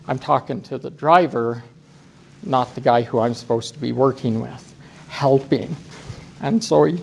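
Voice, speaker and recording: A man's voice: medium pitch, vocal fry. A man giving a conference talk as a driver trainer, telling self-deprecating stories and acting out what people said. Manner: animated, self-deprecating storyteller acting out quotes. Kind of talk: storytelling presentation. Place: conference session room.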